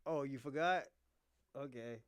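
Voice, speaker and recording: A man's voice: mid-range voice, a little slow, clean tone, no echo. Blunt, cursing male livestream host. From United States. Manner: blunt, profane, talks back to chat with loud bursts. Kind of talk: casual livestream commentary answering chat.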